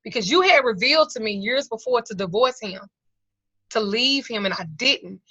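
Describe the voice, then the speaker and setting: A woman's voice: fairly high pitch, lively intonation, moderate pace, bright, forceful tone, slightly rough, dry recording. A middle-aged woman, close to tears, teaching an occult class over a video call and giving a candid, colloquial personal testimony. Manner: candid, colloquial, earnest storytelling. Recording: slightly lo-fi video call audio.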